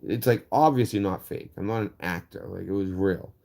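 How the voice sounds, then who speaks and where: A young man who hosts his own channel, ranting casually to the camera in a rambling, profane, animated way. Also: low voice, fairly quick, creaky. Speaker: YouTube channel host.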